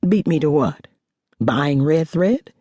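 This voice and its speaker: A woman doing a blunt, hard-edged man in a storybook reading, voice pitched down, husky and warm, talking in a flat dry way that makes his exasperation plain. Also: takes it slowly, no echo, exaggerated voice. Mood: wary. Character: determined male whiskey collector, blunt.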